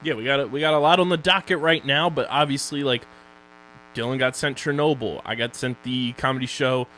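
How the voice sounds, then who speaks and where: A man with a Philadelphia accent co-hosts a casual podcast, joking around and rattling off plugs and sponsor reads. His voice sits at an ordinary middle pitch. A faint hum runs under the recording. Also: fairly even intonation, a little fast, pushed and bright, low-quality recording. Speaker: podcast co-host.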